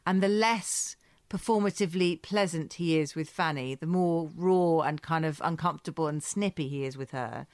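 A woman's voice: sits low, moderate pace, a little mellow, no room sound, studio quality. A woman co-hosting a chat show, telling stories with enthusiasm, laughing often and acting out quotes. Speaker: podcast co-host. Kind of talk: casual chat.

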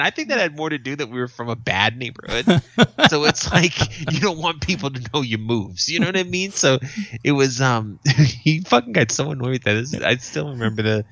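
A man co-hosting a podcast, telling stories in a casual, profane, animated way. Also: medium pitch, no echo. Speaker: podcast co-host. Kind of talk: casual chat.

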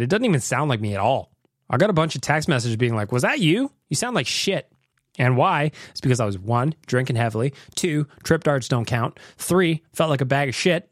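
A man's voice: mid-range voice, no room sound, studio quality. A man hosting a casual podcast, chatty and rambling, joking as he plays listener voicemails. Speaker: podcast host. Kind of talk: casual chat.

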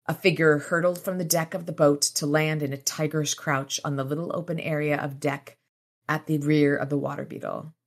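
A deep-voiced woman speaks in a level tone, a little fast, as she hosts a podcast. She swears freely while reading passages from a novel, retelling scenes casually, and going back and forth between the two with mild character voices.

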